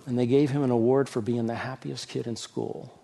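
A middle-aged man, a pastor, preaching a sermon with a personal story, swinging from loud emphasis to soft, hushed telling. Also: medium pitch, fairly even intonation, fairly quick, gravelly.

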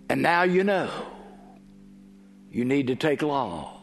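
A man's voice: a little high, sing-song, takes it slowly, pauses often. A man preaching a sermon, telling a story with dramatic turns and dropping to a near whisper at times, in a church. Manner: dramatic storytelling, drops to a hush. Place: church or chapel. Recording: long hall reverb.

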